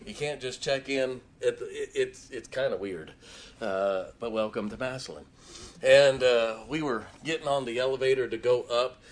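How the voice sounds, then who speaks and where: A middle-aged man from Ohio preaching a storytelling sermon, switching between loud emphatic points and quiet, chatty anecdotes full of fillers. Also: medium pitch, moderate pace. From Canton, Ohio. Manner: folksy, frequent fillers and restarts, chuckles.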